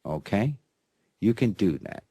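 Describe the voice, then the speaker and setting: A man's voice: on the low side, sing-song, measured pace, background noise. A man hosting his own radio show in a rambling, playful monologue, forever checking in with his listeners and introducing things with showman flair. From United States. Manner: rambling, constantly checking in with "okay?" and "that's right". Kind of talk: casual talk-radio monologue.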